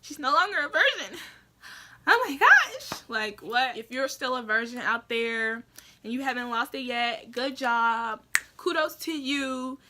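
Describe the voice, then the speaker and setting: A woman's voice: on the high side, measured pace, background noise. A young woman telling a story to camera in a casual vlog, acting out her family's lines and often saying "like" and "that's that". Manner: animated storytelling, acts out quoted family voices; frequent "like" and "that's that" fillers. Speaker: vlogger.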